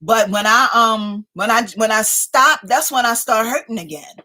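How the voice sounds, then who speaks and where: Fifties woman, live stream host; high, bright voice, chatty and quick to laugh. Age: 50s. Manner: chatty, laughs often, teasing. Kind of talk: casual live chat reading viewer comments.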